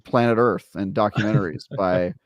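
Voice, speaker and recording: A man's voice: lowish voice, fairly even intonation, normal speed, dry recording, studio quality. A man co-hosting a gaming podcast in casual chat, rambling through stories and poking fun at himself. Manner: rambling, self-deprecating storyteller. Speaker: podcast co-host.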